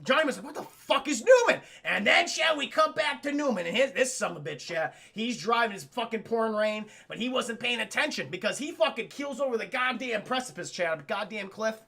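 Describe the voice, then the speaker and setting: A man recapping a film live to his chat, animated and profane. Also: sits high, brisk, vocal fry, few pauses. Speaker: streamer and film reviewer.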